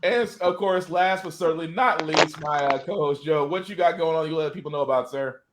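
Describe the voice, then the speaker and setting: A man hosting a podcast in casual, animated chat, joking with his co-hosts. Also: fairly high pitch, very noisy. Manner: animated, laughing, quick teasing banter. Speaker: podcast host.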